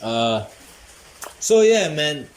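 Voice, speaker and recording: A man's voice: a little high, sing-song, very slow. A man hosting a comedy podcast, telling a rambling, profane story and laughing often. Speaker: podcast host.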